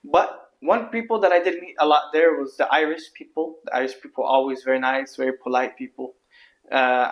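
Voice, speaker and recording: A man from Palestine speaks English with an Arabic accent, his voice sitting at an ordinary middle pitch. He rambles candidly to his viewers in a casual vlog monologue. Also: fairly bright tone. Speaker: vlogger.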